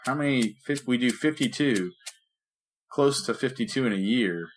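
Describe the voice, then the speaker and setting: Man, podcast co-host, casual chat, rambling, jokey, remote call, middle pitch. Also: animated, moderate pace, a little hiss or hum. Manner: rambling and jokey, trails off mid-sentence. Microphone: remote video call.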